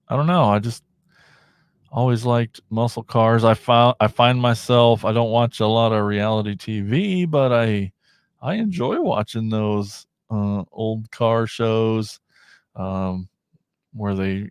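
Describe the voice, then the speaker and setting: A man's voice: on the low side, darkish tone, clean tone, dry recording, clean studio sound. A male podcast host chatting casually on a livestream, rambling and restarting his sentences.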